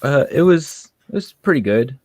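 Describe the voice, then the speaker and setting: A man's voice: medium pitch, animated, normal speed, no echo. A man guest talking casually on a video call from his car, hesitant and full of ums and likes. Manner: hesitant, many ums and likes, soft laughs. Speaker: guest YouTuber. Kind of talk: casual chat.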